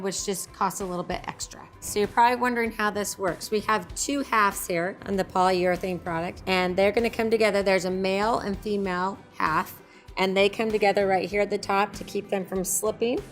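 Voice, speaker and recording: A woman host, a little hoarse, giving an upbeat product demonstration at her company's facility. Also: medium pitch.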